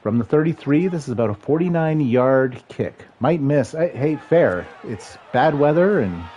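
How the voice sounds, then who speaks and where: A man in his thirties streaming a football video game, calling the plays and chatting with viewers in a rambling, excitable way. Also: mid-range voice, normal speed, highs cut off, a little hiss or hum. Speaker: livestream gamer and commentator. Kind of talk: casual play-by-play chat with chat.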